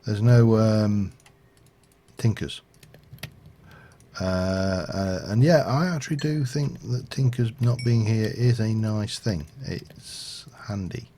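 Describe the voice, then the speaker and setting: Low, gravelly man musing over gameplay. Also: animated, slow pace, mellow, slight background noise. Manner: rambling, thinks aloud with many fillers. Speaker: streamer. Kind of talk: casual gameplay commentary.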